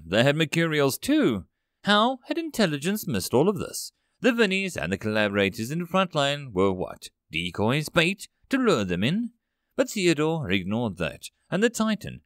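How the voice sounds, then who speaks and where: A male audiobook narrator tells a war story with strong drama. His pitch moves widely. The recording is dry, with no room sound. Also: huge pitch swings, moderate pace, no echo.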